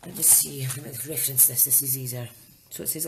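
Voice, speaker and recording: Low-voiced chatty woman crafting. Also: fairly even intonation, fast, creaky, background noise. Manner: chatty, thinking aloud as she works. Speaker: craft demonstrator. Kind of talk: casual live-streamed craft demo.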